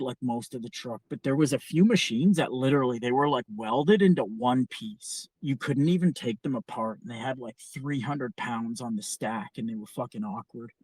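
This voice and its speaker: A man's voice: mid-range voice, no room sound. A man tells a rambling story with plenty of swearing and exasperation in a mid-range voice. The sound is dry, with no room around it. He talks casually, like a podcast host.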